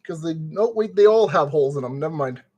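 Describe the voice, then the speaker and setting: A man's voice: on the high side, animated, fast talker, a little mellow, muffled recording. A man streaming as he builds a kit, muttering to himself with playful, goofy made-up exclamations, sweaty in the summer heat. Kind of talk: casual live-stream commentary.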